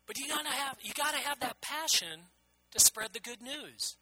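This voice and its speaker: A man's voice: very high voice, animated, moderate pace, sharp tone, dry recording, rough recording. A middle-aged man preaching a sermon as pastor, earnest and emphatic, often repeating his phrases.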